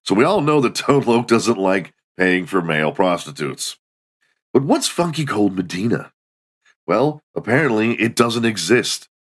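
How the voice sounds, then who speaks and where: Low-voiced sarcastic comedy podcast host. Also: male voice, sing-song, measured pace. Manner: sarcastic, mocking, acts out little scenes. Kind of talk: solo comedic commentary.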